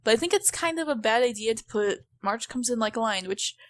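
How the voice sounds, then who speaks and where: A woman's voice: a little high, lively intonation, a little fast. A woman co-hosting a casual podcast, chatty and playful, often giggling. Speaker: podcast co-host.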